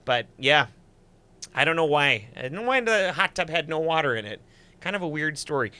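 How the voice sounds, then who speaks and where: A man's voice: fairly high pitch, animated, normal speed, sharp tone, smooth. A man voicing a folksy, chatty small-town guy with a thick northern Wisconsin accent. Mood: folksy cheerful. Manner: exaggerated folksy drawl, chatty storytelling. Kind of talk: comic put-on accent on a livestream.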